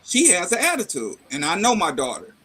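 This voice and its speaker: A middle-aged man chatting casually, telling a family story with lively acted-out dialogue and salty slang. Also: high voice, a little fast, very noisy. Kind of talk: casual chat.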